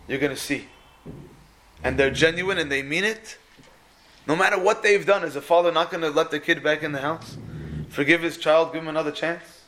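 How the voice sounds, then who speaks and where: A man giving a sermon, telling stories with lively energy and acting out the people in them. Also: fairly high pitch, moderate pace, pauses often. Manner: animated storyteller who acts out the people in his stories. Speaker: speaker giving a religious talk. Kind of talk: sermon with storytelling.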